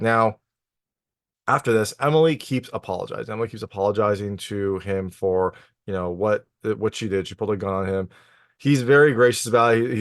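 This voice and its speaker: A man retells a film's plot in a loose, chatty way, full of fillers and restarts. His voice sits at a middle pitch. It is recorded dry and close, with no room sound. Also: dry recording. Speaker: film reviewer. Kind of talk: casual spoken film recap.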